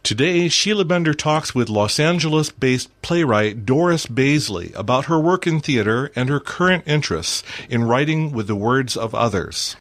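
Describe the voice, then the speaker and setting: A man reading a scripted radio station break in a measured, formal way. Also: mid-range voice, lively intonation, a bit bright, no room sound, studio quality.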